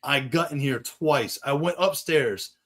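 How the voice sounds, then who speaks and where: A man's voice: on the high side, measured pace, fairly bright tone. Profane rambling man telling a story. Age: adult with young kids. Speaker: podcast host, custom bike builder. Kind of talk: casual storytelling chat.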